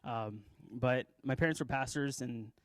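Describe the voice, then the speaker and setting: A young man speaking to a church group, emotional and halting, with many fillers as he gives a personal testimony and then begins a sermon. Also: medium pitch, no echo.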